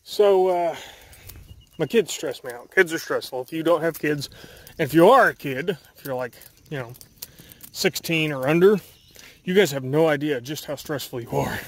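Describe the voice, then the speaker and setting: A young man rambling casually in a walking vlog through the woods by a creek, telling animated stories, recorded on a handheld camera. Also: on the high side, normal speed, long pauses. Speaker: vlogger.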